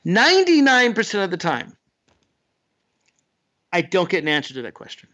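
Sardonic man with a bright voice. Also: moderate pace. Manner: sardonic, animated with sudden pitch jumps. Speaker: political commentator host. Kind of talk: opinion monologue.

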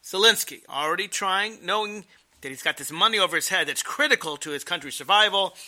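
A man's voice: high voice, fairly quick, bright, forceful tone. A man giving political commentary in an emphatic, sarcastic way. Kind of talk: explanatory commentary.

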